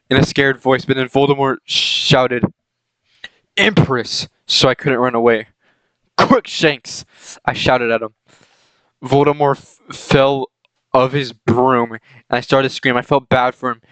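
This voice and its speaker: A young man reads a fan fiction aloud for laughs, giggling, tripping over words and pausing to comment. His voice is smooth and clear. The sound is dry and close. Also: medium pitch, fairly bright tone, no echo, poor audio. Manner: giggly, keeps breaking into laughter; stumbles and corrects his reading. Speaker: channel host reading fan fiction. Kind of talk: comedic reading aloud with commentary.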